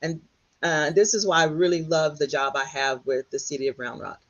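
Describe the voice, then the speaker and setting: A middle-aged woman from Texas, a guest telling her story in an animated way, often acting out what others said. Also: low-pitched, moderate pace. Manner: animated, quotes others in lively voices. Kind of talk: storytelling in conversation. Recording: dull lo-fi sound.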